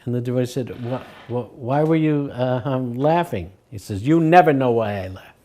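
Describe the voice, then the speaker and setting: An older man recalling his spiritual teacher in a relaxed storytelling way, acting out the voices in his stories. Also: medium pitch, normal speed. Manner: acts out quoted voices, chuckles between stories. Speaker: devotee recalling memories. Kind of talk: anecdotal storytelling.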